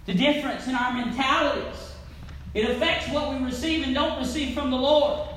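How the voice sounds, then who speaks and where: A woman preaching a sermon in a church, swinging from loud calls to near-whispers. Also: sits high. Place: church sanctuary. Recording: echoey church with faint noise.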